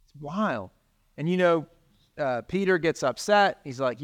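A man's voice: fairly high pitch, lively intonation, measured pace. A man preaching, talking casually with his listeners and reading scripture aloud. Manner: conversational, reads scripture aloud. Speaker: pastor. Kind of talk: sermon.

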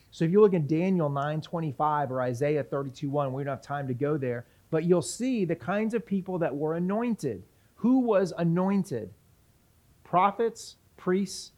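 A man's voice: a little high, darkish tone. A man teaching from the Bible in a sermon, asking the audience questions and reading passages aloud. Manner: reads scripture aloud.

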